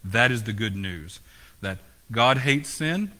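A man's voice: medium pitch, lively intonation, takes it slowly, bright, forceful tone. A man preaching a sermon as pastor, asking the congregation questions, his voice rising and falling. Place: church.

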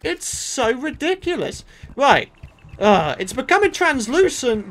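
A man's voice: very high-pitched, very animated, normal speed, fairly bright tone. Exasperated man doing game commentary. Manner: exasperated, exclamatory, swings between mutters and outbursts. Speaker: gaming YouTuber. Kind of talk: Let's Play commentary.

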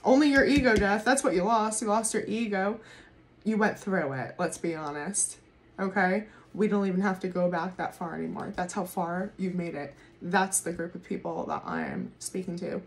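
A woman doing a casual tarot reading to camera, excitable, swearing freely and laughing often. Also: lowish voice, normal speed, slight background noise. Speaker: tarot reader.

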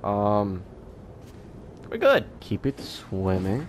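A man narrates his own horror playthrough, yelping, swearing and talking back to the screen. His voice swings wildly between high and low. A steady noise sits behind him. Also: drawn-out words. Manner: jumpy, loud, swears, talks to the game. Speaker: gaming video host. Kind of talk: let's play horror game commentary.

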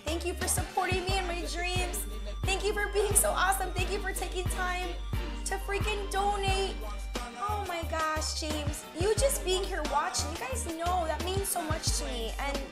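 A young woman streamer with a very high voice pours out effusive, breathless thanks from her desk mic. Game music plays loudly behind her throughout. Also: moderate pace. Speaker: livestream host. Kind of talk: live game stream chat.

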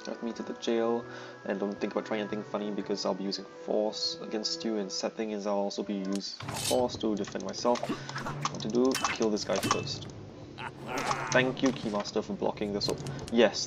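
A man's voice: fairly low pitch, level tone, a little fast, vocal fry, music in the background, poor audio. A man giving casual gameplay commentary, often exclaiming in frustration at the game.

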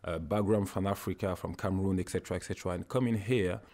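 A man with a French accent, a former footballer chatting as a guest, halting and searching for his words. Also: sits low, fairly even intonation, a little mellow. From France. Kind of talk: casual interview chat.

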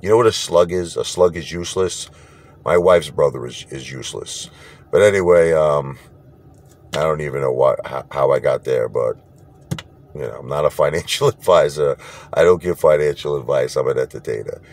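Man, very low voice, blunt rambling vlog rant. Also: moderate pace, a little mellow. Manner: blunt, rambling, repeats himself. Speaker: vlogger. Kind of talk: casual rant to camera.

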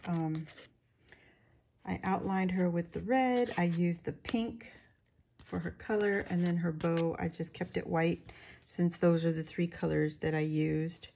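Woman, crafting vlogger, casual chat to viewers, unhurried, slightly low voice, laughs easily. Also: creaky, darkish tone, slight background noise. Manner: chatty, laughs often, talks to viewers while showing her work.

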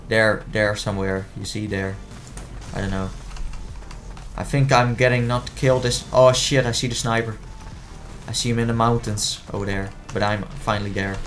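Man, playful gameplay commentator, easily exasperated, faint music underneath. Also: mid-range voice. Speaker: gaming commentator.

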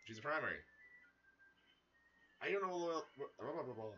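A man giving casual, excitable commentary as he plays a video game, breaking into sudden loud outbursts. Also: medium pitch, normal speed, lo-fi sound, slight background noise. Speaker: gaming streamer. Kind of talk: casual let's-play commentary.

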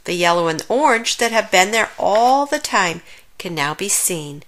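A gentle storybook mother bear explains nature to her cub in a soft, patient, slow voice, as a woman reads her aloud. Her tone is bright and clear. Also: medium pitch, big pitch swings. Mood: explaining.

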